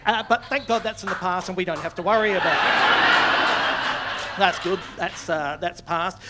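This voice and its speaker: A man's voice: high-pitched, a little slow, heavy background noise. An Australian man in his forties doing live stand-up, telling stories in a chatty way with frequent tag questions and swearing. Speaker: stand-up comedian. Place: comedy club stage.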